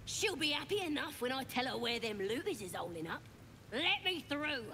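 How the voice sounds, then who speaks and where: A woman's voice: high-pitched, big pitch swings, normal speed, sharp tone, a little hiss or hum, heavily acted. An actress voicing a scrappy young female goblin in a video game, with a brash, bossy manner and an Australian-sounding accent.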